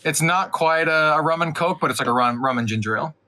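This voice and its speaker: A man's voice: fairly high pitch, quick pace, pushed and bright. A man co-hosting a podcast from the United States, chatting casually, laughing often and swearing freely. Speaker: podcast co-host. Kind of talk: casual chat.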